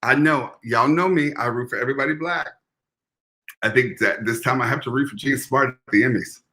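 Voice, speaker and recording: A man's voice: mid-range voice, a little fast, sharp tone. A man co-hosting a podcast, joking playfully and repeating running gags in casual chat. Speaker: podcast co-host.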